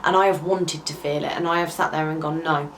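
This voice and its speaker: A young woman talks straight to camera in a low, candid voice, earnest and confiding. She pauses often on soft ums and sometimes sounds close to tears. A faint hum of background noise sits under her. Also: steady tone, rough recording. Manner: heartfelt and confiding, with hesitant ums. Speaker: vlogger. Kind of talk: candid personal talk to camera.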